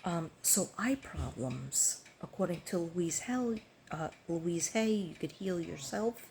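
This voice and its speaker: A woman's voice: fairly low pitch, expressive, takes it slowly, gravelly, darkish tone, a little hiss or hum. An older woman chatting casually to her viewers, rambling with many ums and restarts. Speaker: vlogger.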